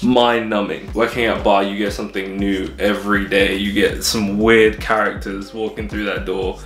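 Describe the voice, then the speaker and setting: Sweary young bartender vlogging. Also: male voice, on the low side, little pitch movement, moderate pace, fairly bright tone. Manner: sweary, laughing often. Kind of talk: casual chat to camera. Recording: echoey room with music.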